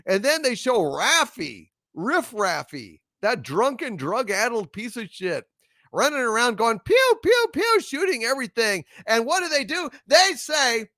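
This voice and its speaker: Profane ranting host, high bright voice, lots of shouting and sarcasm. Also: male voice, sing-song, measured pace, no echo, clean studio sound. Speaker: panel show host. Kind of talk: angry ranting commentary.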